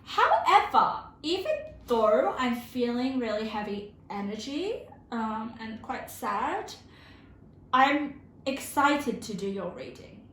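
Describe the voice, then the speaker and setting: A woman giving an intuitive tarot reading to her viewers, earnest and emotional, halting often with fillers and restarts. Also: fairly high pitch, animated, a bit bright. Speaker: tarot reader. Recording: roomy with faint background hiss.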